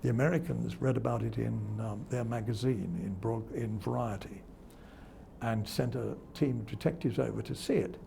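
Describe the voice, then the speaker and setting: Gravelly older man telling anecdotes. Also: medium pitch, normal speed, mellow, slight background noise. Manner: chuckling storyteller who acts out quoted voices. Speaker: television presenter. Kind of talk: reminiscing interview anecdotes.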